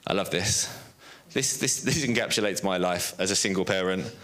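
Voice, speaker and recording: Joking preacher, lowish voice. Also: male voice, normal speed. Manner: lively, joking, self-deprecating storyteller. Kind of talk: sermon. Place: on a stage before an audience.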